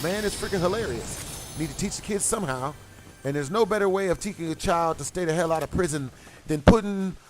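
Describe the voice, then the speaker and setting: A man streaming a game and telling a profane, slangy story in casual chat, laughing and coughing often. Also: high voice. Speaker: gaming streamer.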